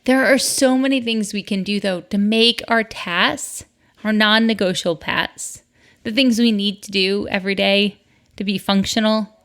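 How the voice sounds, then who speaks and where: A woman's voice: mid-range voice, steady tone, unhurried, a bit bright. A middle-aged woman from the northern United States hosting a solo podcast, chatty and upbeat, with asides. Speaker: podcast host.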